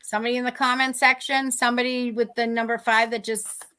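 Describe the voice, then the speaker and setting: A fast-talking woman with a Boston accent gives live-streamed readings and chat as a psychic medium, heard through a video call microphone. Her fairly high voice barely moves in pitch but sounds bright and forceful, and her rambling, chatty talk keeps breaking off partway through sentences.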